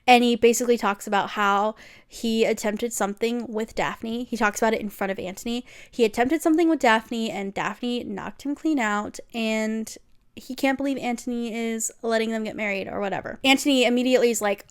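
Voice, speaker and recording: A young woman vlogger giving an animated, gushing recap of a TV series, full of slang and swearing. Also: a little high, normal speed, clear, resonant tone. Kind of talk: casual, chatty recap.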